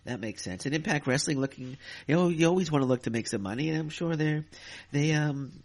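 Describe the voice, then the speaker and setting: A man's voice: a little high, brisk. A man hosting a solo podcast, ranting in an exasperated way and repeating himself as he talks. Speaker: podcast host. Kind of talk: casual solo podcast commentary.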